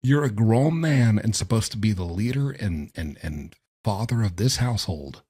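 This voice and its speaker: A man's voice: fairly low pitch, expressive, moderate pace, mellow, slightly rough, no echo, studio quality. A man giving mocking reaction commentary on jail call recordings. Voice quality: sarcastic, mocking.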